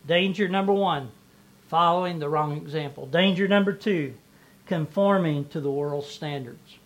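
High-voiced preaching pastor. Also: male voice, moderate pace. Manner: preacherly, repeats phrases, swells and drops in volume. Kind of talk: sermon.

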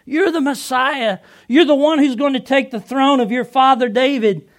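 A man playing the apostle Peter, an impulsive fisherman, telling his story in an earnest, excitable first-person dramatic monologue. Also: fairly high pitch, a little slow, close to an everyday voice. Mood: earnest storytelling.

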